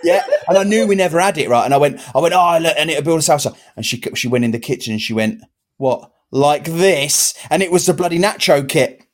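A man's voice: a little high, animated, fast, hardly any pauses. A man co-hosting a casual podcast, laughing and teasing as he tells a story. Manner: laughing, teasing, swears freely. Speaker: podcast co-host. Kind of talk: casual banter.

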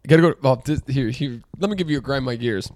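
Casting: man, mid-pitch, animated co-host who swears and flares up mid-story, dry close mic. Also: fast talker, dry recording. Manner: animated, swears, voice jumps up when riled. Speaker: podcast co-host. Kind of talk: casual chat.

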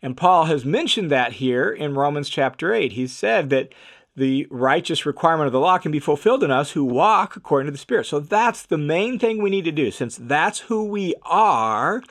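A man's voice: a little high, expressive, moderate pace, fairly bright tone. A man teaching scripture on a podcast, emphatic and repeating key phrases for stress.

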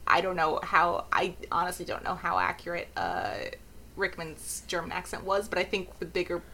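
A woman's voice: on the low side, lively intonation, normal speed, vocal fry, bright, forceful tone. An American woman co-hosting a podcast, chatting casually about a movie and adding dry, wry remarks. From United States. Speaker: podcast co-host. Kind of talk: casual movie review chat.

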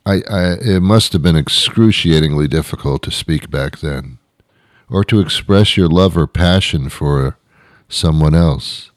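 Slow-talking sarcastic male comedy host. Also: rumbling low, no echo, clean studio sound. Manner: sarcastic, rambling, self-mocking. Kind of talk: comic monologue.

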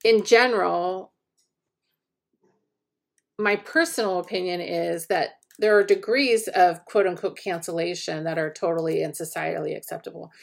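A woman co-hosting a podcast, talking through a topic casually and thoughtfully, often pausing to restart her sentences. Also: lowish voice, vocal fry. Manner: thoughtful, hesitant, with many restarts. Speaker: podcast co-host. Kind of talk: casual discussion.

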